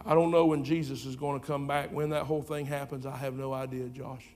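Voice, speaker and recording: A pastor preaching a sermon in a church, fervent and repetitive, swinging from loud urging to quiet asides. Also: male voice, mid-range voice, flat delivery, a little fast, faint music behind. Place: church sanctuary.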